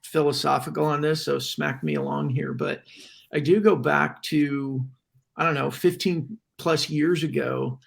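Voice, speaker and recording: A man's voice: fairly high pitch, lively intonation, a little slow, creaky. A man on a casual panel discussion, reflective and questioning as he thinks aloud.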